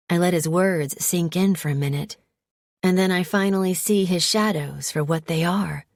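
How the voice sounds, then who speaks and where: A woman narrating a first-person romance audiobook in a soft, measured storytelling way. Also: fairly low pitch, no echo, clean studio sound.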